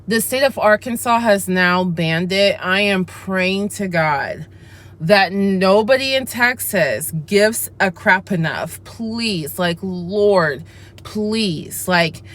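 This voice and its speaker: A woman's voice: medium pitch, lively intonation, slow, fairly bright tone. Chatty woman vlogger, candid and casual. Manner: chatty and candid, acts out her side of dialogues. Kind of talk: casual chat review.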